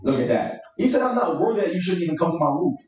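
High-voiced man preaching in echoey hall. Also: sing-song, fast talker, darkish tone. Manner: emphatic, conversational preaching with street slang. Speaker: church elder leading Bible study. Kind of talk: sermon-style Bible teaching. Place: church meeting room. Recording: echoey room, distant mic, dull sound.

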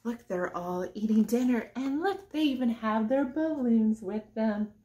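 A woman from a church reading a rhyming picture book aloud to children in a gentle sing-song voice, going soft near the end. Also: fairly high pitch, measured pace, highs cut off, slight background noise.

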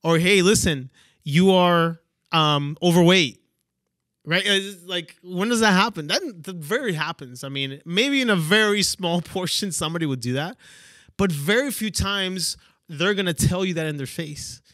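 A man's voice: high-pitched, animated, moderate pace, pushed and bright, no room sound, clean studio sound. A man hosting a podcast and giving a motivational monologue, stressing key words and checking in with "okay?" and "right?". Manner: emphatic, repeats "okay?" and "right?" for emphasis. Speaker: podcast host.

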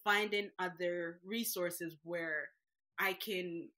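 Bright-voiced woman from Jamaica. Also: lowish voice, slow. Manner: lively, laughs often while talking. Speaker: guest business owner. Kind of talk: casual interview.

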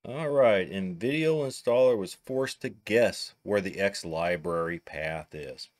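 Low-voiced Midwestern man explaining tech. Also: takes it slowly. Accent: Midwestern American. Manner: casual, thinking aloud, talks through each step. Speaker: tech tutorial host. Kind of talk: narrated screen-recording tutorial.

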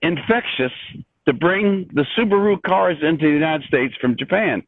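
An older man, a composer, telling stories in an interview with many restarts and an animated, rambling manner over a remote call. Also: fairly high pitch, moderate pace, dry recording. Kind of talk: storytelling in an interview. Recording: dry tinny phone-like line.

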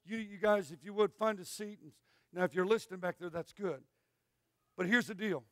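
Animated high-voiced preacher man. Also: brisk, no room sound, studio quality. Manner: animated storytelling, swings between shouting and hushed asides. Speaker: evangelist. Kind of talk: revival sermon.

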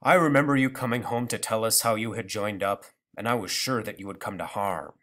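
A man's voice: on the low side, a little fast, sharp tone. A man reading aloud and voicing a proud, nostalgic old grandfather who speaks earnestly.

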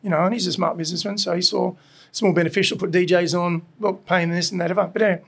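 A middle-aged Australian man telling animated stories in a casual chat, swearing and laughing often as he recounts his past. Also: high-pitched, racing, creaky. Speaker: podcast guest, burger restaurant owner. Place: his burger restaurant.

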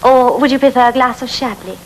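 An actress playing a polite, well-bred young hostess with a prim, courteous manner, in a 1970s film comedy. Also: female voice, high-pitched, brisk, a little hiss or hum, natural voice.

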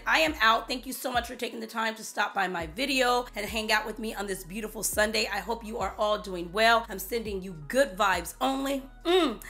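Bubbly, chatty woman vlogger with a gravelly edge. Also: on the high side, sharp tone. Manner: bubbly, chatty, repeats herself for emphasis. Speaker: beauty vlogger. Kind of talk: casual chat to camera.

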